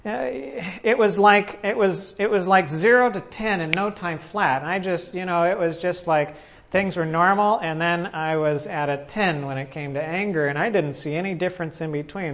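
Preacher in a sermon: casual storyteller who keeps restarting sentences and quizzes the listeners. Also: medium pitch. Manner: conversational storytelling with frequent restarts; asks the audience questions.

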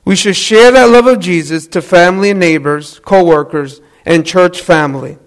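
Guy preaching w a pretty high voice, chatty storyteller, keeps asking the church questions and fixing his words. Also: normal speed. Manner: conversational storytelling, asks the congregation questions; self-corrects mid-sentence. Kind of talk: sermon.

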